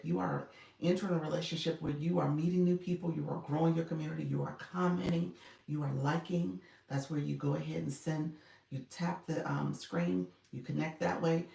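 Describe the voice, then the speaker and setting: A woman's voice: low-pitched, vocal fry, a little mellow. A woman coaching on a casual livestream, thanking viewers by name and laughing often. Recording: echoey room, mic at a distance.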